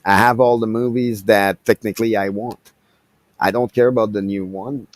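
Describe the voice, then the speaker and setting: A man's voice: fairly low pitch, steady tone, normal speed, no echo, studio quality. A man from Quebec chatting casually on a video call, rambling with stammering restarts. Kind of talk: casual group chat over a call.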